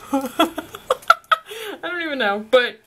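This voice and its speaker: At home by her desk, a young woman vlogger with a Southern US accent gushes and giggles while opening gifts in a casual vlog. She speaks very slowly in a high-pitched voice with lively intonation, and the audio is very noisy.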